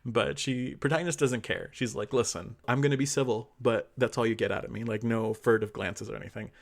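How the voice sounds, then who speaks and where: A man's voice: mid-range voice, fairly quick, vocal fry. A man co-hosting a podcast, rambling through a fanfic plot in casual chat, with lots of fillers and quoted lines. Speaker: podcast co-host.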